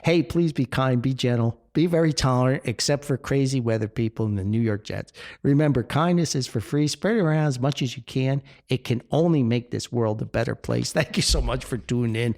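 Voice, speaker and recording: Gravelly, animated older New man. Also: mid-range voice. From Paterson, New Jersey. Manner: grumpy, exasperated, laughing often. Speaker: podcast host. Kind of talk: rant podcast monologue.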